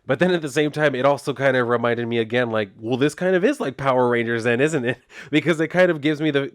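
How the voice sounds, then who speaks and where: A man's voice: medium pitch, clear, resonant tone, dry recording, clean studio sound. A man casually reviewing a comic book, retelling it in a loose, chatty way with lots of "like". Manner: chatty, laid-back, heavy use of "like", loose retelling.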